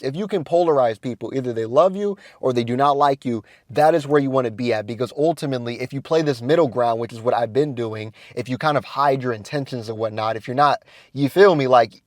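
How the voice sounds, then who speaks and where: A man's voice: mid-range voice, no room sound, clean studio sound. Slangy young man telling a story. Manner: slangy, rambling, peppered with "you feel me" and "whatnot"; animated, swings from hushed to excited. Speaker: vlogger. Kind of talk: casual storytelling vlog.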